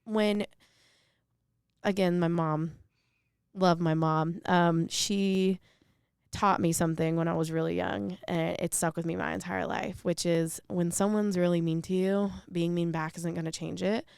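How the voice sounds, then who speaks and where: A woman speaks as a podcast guest in a low, gravelly voice that still comes across smooth and full. She tells her stories earnestly and reflectively. The recording is dry and close. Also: fairly even intonation, measured pace, a little mellow, no room sound. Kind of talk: casual interview conversation.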